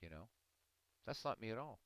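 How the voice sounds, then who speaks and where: Deep-voiced man arguing with his chat. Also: animated, moderate pace, a bit bright, no echo, poor audio. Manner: earnest, argumentative, addressing chat by name. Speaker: livestream host talking to chat. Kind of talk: casual live-stream commentary.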